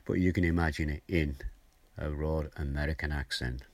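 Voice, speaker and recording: An older man giving a gentle, conversational morning devotional as a preacher, reading and explaining a scripture verse. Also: rumbling low, fairly even intonation, moderate pace, no echo. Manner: gentle, conversational, chuckles now and then.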